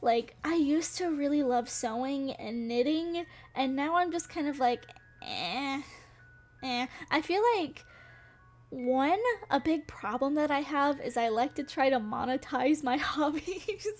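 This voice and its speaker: A woman's voice: high-pitched, unhurried, darkish tone, slight background noise. A young woman from Western North Carolina, chatting casually on a livestream, rambling with lots of fillers and giggles. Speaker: vtuber streamer. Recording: faint music behind.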